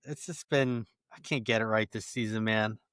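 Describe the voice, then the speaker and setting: A man's voice: on the low side, steady tone, moderate pace, a bit bright, clear, resonant tone, no room sound, clean studio sound. A man co-hosting a casual podcast chat, rambling and cursing, laughing at his own bad luck. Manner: rambling, swears freely, laughs at himself. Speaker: podcast co-host.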